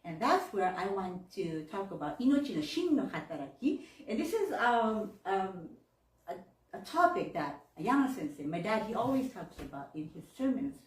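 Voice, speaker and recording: A woman's voice: medium pitch, sing-song, moderate pace. A woman, giving a chatty, heartfelt sermon with frequent laughs and Japanese phrases. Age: 40s. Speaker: minister. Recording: echoey room, mic far off.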